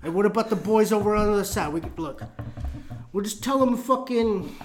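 A man playing a profane, swaggering male mob boss who talks gruffly and curses constantly. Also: sits high, expressive, brisk, a little hiss or hum. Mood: scheming.

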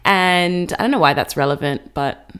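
A young woman, co-hosting a podcast in casual, animated chat and laughing often. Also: on the low side, moderate pace, smooth. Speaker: podcast co-host.

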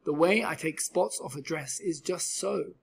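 A man's voice: a little high, a little slow, vocal fry, breathy edge, exaggerated voice. A man doing a sly laughing storybook cat. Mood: playful. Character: mischievous grinning male cat, tall hat. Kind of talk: storybook read-aloud.

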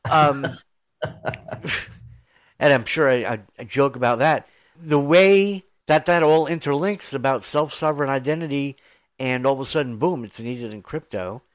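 A man's voice: medium pitch, no room sound. An American man hosting a podcast, chatting in an enthusiastic, storytelling way full of asides. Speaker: podcast host. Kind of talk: casual podcast chat.

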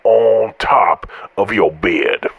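A low, gravelly help-line agent, as a man puts him on, slow and utterly matter-of-fact. His voice is husky and rough with fry, and it sounds dry and close. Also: dry recording, heavily acted. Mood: deadpan.

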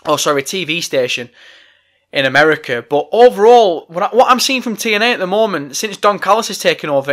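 A man's voice: high-pitched, pushed and bright. A man hosting a podcast, delivering a heated, profane, exasperated rant. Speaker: podcast host. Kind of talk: ranting podcast monologue.

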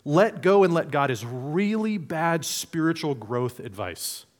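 A man's voice: fairly high pitch, very animated, a little slow. A man preaching a sermon in a conversational, playful way, acting out imagined voices. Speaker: pastor.

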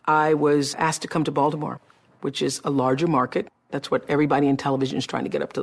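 A woman telling a personal story to listeners in an animated way, acting out the dialogue. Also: low voice, gravelly. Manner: animated, acts out quoted dialogue. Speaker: public speaker.

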